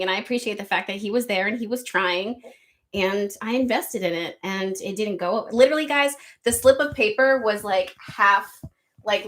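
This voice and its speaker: Woman, live chat host, loud projecting voice, chatty, frequent laughs, desk mic. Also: medium pitch. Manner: chatty, laughs often, talks loudly and projects. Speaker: tarot reader and live stream host. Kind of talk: casual live chat with viewers. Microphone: desk microphone.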